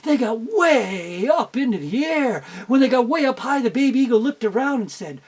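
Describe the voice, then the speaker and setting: A man telling a folksy children's story aloud, animated, with lots of sound effects. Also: extremely high pitch, moderate pace. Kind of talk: oral storytelling.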